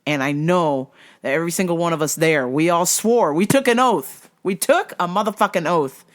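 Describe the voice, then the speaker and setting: A podcast host ranting casually about fights, swearing a lot and getting heated and excitable. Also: moderate pace. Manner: wide, jumpy pitch swings when worked up. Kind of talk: casual solo rant podcast.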